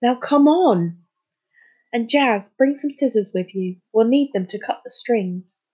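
A woman reading a storybook, voicing a bold, impatient young boy in a husky voice. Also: fairly high pitch, lively intonation, unhurried, a little mellow, muffled recording, voice pushed up. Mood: urgent. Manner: urgent, insistent.

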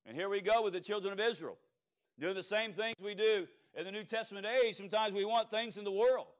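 A Cajun preacher with a notably high voice for a man. He delivers his sermon in a storytelling way, pauses on fillers and restarts, and keeps asking the congregation whether they agree. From Louisiana. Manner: storytelling with rhetorical questions to the congregation and frequent fillers.

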